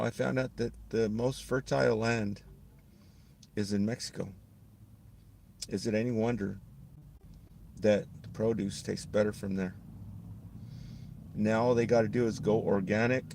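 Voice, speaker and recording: A man's voice: lowish voice, vocal fry, darkish tone, slight background noise. A middle-aged man talking on a casual livestream, rambling, repeating himself and losing his thread.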